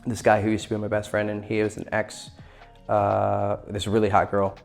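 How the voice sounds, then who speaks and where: A man's voice: on the low side, monotone, moderate pace, gravelly, faint music behind. A young man giving blunt, profane dating advice in a casual vlog. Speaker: dating coach.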